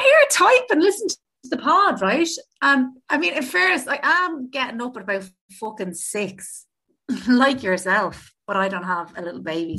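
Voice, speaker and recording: A woman's voice: mid-range voice, bright, forceful tone. Sweary Irish woman telling a story. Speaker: podcast co-host. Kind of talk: casual chat.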